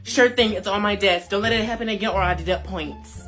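A man's voice: high voice, a little fast, pushed and bright, soft background music, pitched below the performer's own voice. A man voicing a strict middle-aged female schoolteacher in a comedy skit, stern and warning. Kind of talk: comedy skit, one performer plays everyone.

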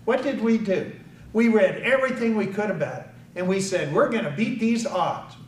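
A man's voice: sits high, lively intonation, moderate pace. Older man speaking in an echoey hall. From United States. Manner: earnest storytelling, acts out quoted voices. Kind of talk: public speech. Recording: echoey hall from far off, faint ambience.

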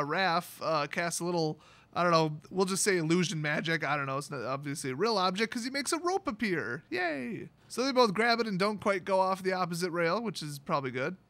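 A man's voice: sits high, expressive, brisk, pushed and bright, no room sound. A man casually retelling a fantasy story chapter as a video host, rambling with fillers and tossing in sarcastic, irreverent asides. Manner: loose, rambling delivery with many fillers. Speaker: YouTube host recapping a story. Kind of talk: casual story recap with commentary.

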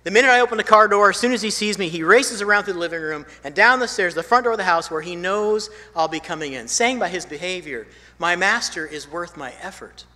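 A man preaching a sermon as a pastor, telling a story and swinging from emphatic lines to hushed ones, with phrases repeated for emphasis. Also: high-pitched, quick pace, few pauses. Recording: long hall reverb.

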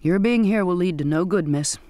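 A man's voice: sits high, fairly quick, dark tone, no echo, studio quality, lightly acted. A man voicing a decrepit, cringing old male sailor who murmurs humbly. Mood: hangdog.

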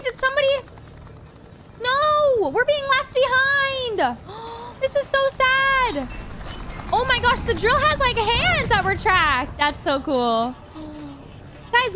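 A woman hosting a reaction video, excitable, gasping often and talking to her viewers as she watches an animation. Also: extremely high pitch, a little slow.

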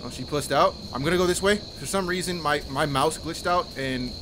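A man commentating a horror game for his channel, excitable, often yelling and swearing in panic. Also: fairly high pitch, fairly quick, noisy background. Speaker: gaming YouTuber. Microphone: headset or desk mic, no face cam. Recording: music playing behind.

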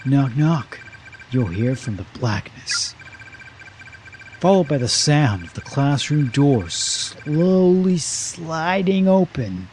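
A man reading a schoolgirl telling a ghost story aloud in a slow, hushed, spooky way. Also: on the high side, slight background noise, pitched below the performer's own voice. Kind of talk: reading game dialogue aloud.

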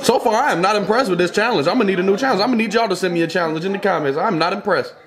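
Over crowd noise, a young man with a high voice talks very fast while casually reacting to funny clips. His commentary is profane and full of exclamations and joking, slang-heavy banter.

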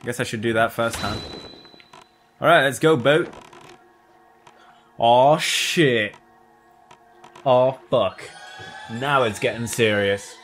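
A man's voice: medium pitch, takes it slowly, pauses often. A man giving casual, profane let's play commentary, joking and talking to himself as he plays. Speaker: gameplay commentator. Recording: game music loud behind.

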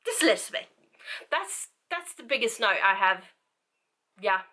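A woman's voice: a little high, very animated, a little slow, bright, forceful tone. A woman book vlogger chatting casually to camera, rambling and self-interrupting as she talks.

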